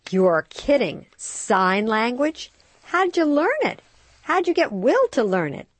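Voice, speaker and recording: A woman voicing a harried young mother at a store checkout, speaking in a high, exasperated voice. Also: very animated, extremely slow, vocal fry, dry recording, full character voice. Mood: incredulous.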